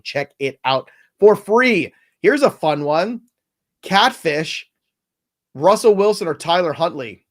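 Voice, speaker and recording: A man co-hosting a fantasy football show in casual chat, excitable and emphatic, prone to ranting. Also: sits high. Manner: excitable, emphatic, quick to rant.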